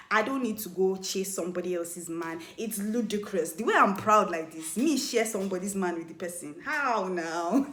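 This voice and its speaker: A young woman telling a casual storytime vlog, animated, acting out quoted lines in a higher voice. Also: slight background noise. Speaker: vlogger. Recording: echoey room.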